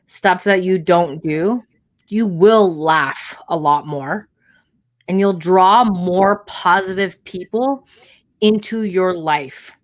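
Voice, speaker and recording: A woman co-hosting a podcast, talking listeners through a motivational pep talk in a direct, coaching way with casual swearing. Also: lowish voice. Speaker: podcast co-host.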